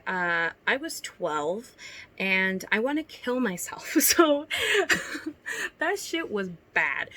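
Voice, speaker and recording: A woman's voice: medium pitch, pushed and bright. A young woman reading her old writing aloud and commenting on it, giggling, swearing and mocking herself. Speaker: YouTuber.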